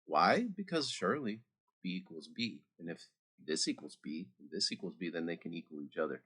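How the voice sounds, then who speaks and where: A man's voice: low voice, expressive, fairly quick, pushed and bright, husky. A man teaching math over a screen recording, chatty and talking straight to his students with little asides.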